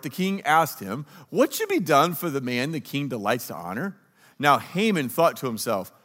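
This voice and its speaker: A male pastor preaching a sermon, telling the story and acting out the characters' lines. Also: on the high side. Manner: storytelling, acts out dialogue of the characters.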